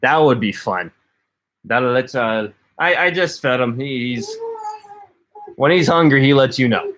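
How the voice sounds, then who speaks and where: A man's voice: mid-range voice, animated, a little slow, a bit bright. A man co-hosting a casual livestream, chatting as he reads out and answers viewer comments. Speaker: livestream co-host.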